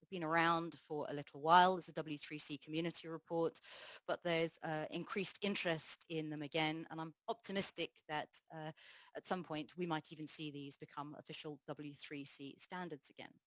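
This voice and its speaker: A woman giving a technical conference talk, explaining in a measured way with frequent pauses and fillers. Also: sits low, fairly even intonation, no echo, poor audio. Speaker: conference speaker.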